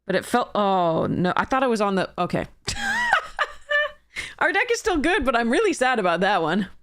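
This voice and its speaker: A woman's voice: mid-range voice, very animated, fast talker, fairly bright tone, dry recording, clean studio sound. A woman streaming a card game draft, thinking aloud in casual commentary and laughing at her own mistakes.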